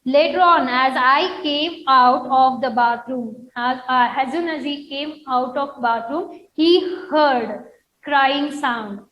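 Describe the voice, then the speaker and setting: Slow, high-voiced woman teacher reading aloud. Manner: repeats lines slowly, asks and answers questions. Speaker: English teacher. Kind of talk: reading a story aloud and explaining it to pupils. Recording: echoey room, dull lo-fi sound.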